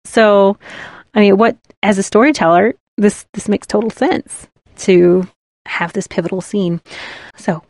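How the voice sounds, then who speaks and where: A woman co-hosting a podcast, chatting casually about storytelling in an animated way, often restarting her sentences and laughing between thoughts. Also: mid-range voice, measured pace, dry recording. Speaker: podcast co-host.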